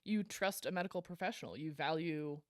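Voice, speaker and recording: A woman's voice: deep voice, fairly quick, dry recording, clean studio sound. A woman guest on a podcast, telling her story in a blunt, frank way, swearing casually and laughing between lines. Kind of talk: candid storytelling interview.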